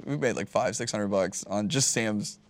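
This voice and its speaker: Animated, swearing man telling stories. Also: lowish voice, moderate pace, no room sound. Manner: animated storyteller, swears freely, many fillers. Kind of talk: casual chat.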